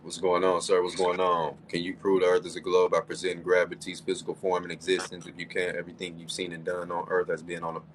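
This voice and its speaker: A man's voice: deep voice, completely flat delivery, fast, hardly any pauses, slight background noise. A man hosting a livestream debate, insistent and taunting, repeating his challenges over and over. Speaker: livestream host.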